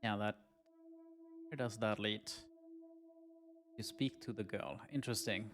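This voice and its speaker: Male streamer, unhurried and puzzled, thinking out loud, soft music behind. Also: on the low side. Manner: slow, musing, reading aloud, laughing often. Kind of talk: live game commentary.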